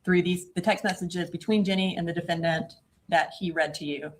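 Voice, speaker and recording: A woman prosecutor examining a witness in court, asking measured, leading questions and often saying "okay". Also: lowish voice, fairly even intonation.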